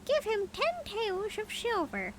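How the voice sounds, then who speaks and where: A woman voicing a clever, cheeky little mynah bird in a high, chirpy storybook voice. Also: huge pitch swings, takes it slowly, background noise, heavily acted.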